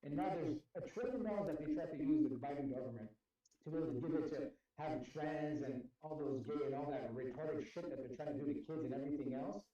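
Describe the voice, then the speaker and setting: A man's voice: a little high, fast talker, mellow. A man ranting heatedly about politics on a live stream, emphatic and profane. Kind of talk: political rant. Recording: distant, echoey, dull room sound.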